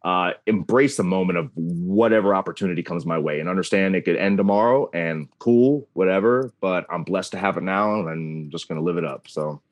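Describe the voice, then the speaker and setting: A man's voice: low voice, a little fast, hardly any pauses, no echo. A man in his thirties, a wrestling announcer as a podcast guest, telling stories in a casual interview and acting out dialogue along the way. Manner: animated storyteller, acts out dialogue.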